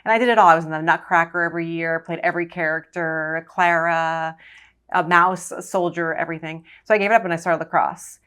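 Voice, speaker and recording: A woman from Long Island, a surgeon, telling her story in a casual interview with a brisk, confident manner. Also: fairly low pitch, fairly even intonation, a bit bright, smooth. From Long Island, New York. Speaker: guest, surgeon.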